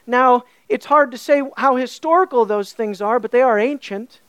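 A woman with a high voice preaches a sermon, pressing her points with rhetorical questions and repeated phrases. The sound is dry and close, with no room around her. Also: normal speed, no echo. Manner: emphatic, rhetorical questions, building repetition.

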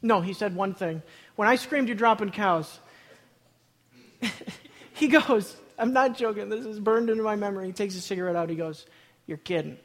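A man telling a funny personal story to a live audience, excitable, often laughing through his words and repeating himself as he goes. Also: high-pitched, fairly quick. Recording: long hall reverb.

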